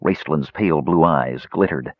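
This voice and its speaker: A man narrating a fantasy audiobook in a measured storytelling manner with animated phrasing. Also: very deep voice, no room sound. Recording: dull dry lo-fi recording.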